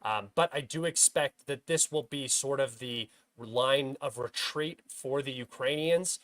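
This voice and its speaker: A young man talks casually through a map on his livestream, pitch sitting mid-range for a man. He fills his sentences with uh and um and restarts often. The sound is dry and close, with no room around it. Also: unhurried, dry recording. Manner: filler-heavy, many uh and um restarts; bursts into loud frustrated shouting at himself. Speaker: host of a military map analysis stream.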